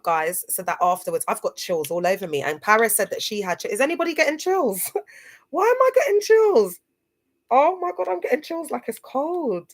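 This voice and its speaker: A young woman hosting a motivational livestream, talking in an emphatic, chatty way with slang and repeated phrases. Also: mid-range voice. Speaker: livestream host. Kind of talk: casual motivational livestream talk.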